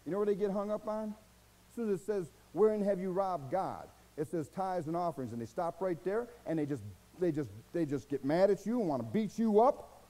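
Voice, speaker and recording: A man's voice: high voice, expressive, brisk, warm tone, rough recording. A man with an American accent preaching a sermon as pastor, folksy and exhorting, asking rhetorical questions and mimicking his listeners' excuses.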